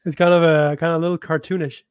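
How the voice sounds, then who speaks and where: A man's voice: a little high, flat delivery, racing, clean tone, dry recording. A man co-hosting a live developer stream, talking loosely with many restarts. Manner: loose, rambling, lots of restarts. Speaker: co-host. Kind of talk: casual live-stream chat.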